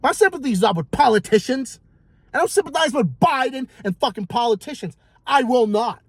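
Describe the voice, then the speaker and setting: A fairly high-pitched man tears through a heated, profane monologue, circling back to the same lines again and again for emphasis. His voice sounds dry and close, with no room around it. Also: expressive, fairly quick, husky, dry recording. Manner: heated, profane, repetitive ranting. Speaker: vlogger. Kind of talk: ranting monologue.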